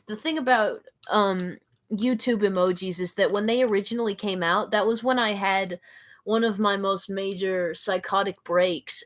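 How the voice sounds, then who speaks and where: A woman's voice: mid-range voice, a bit bright. A woman from the American South rambling through a live stream, giggling, mocking herself and answering viewer comments. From Southern United States.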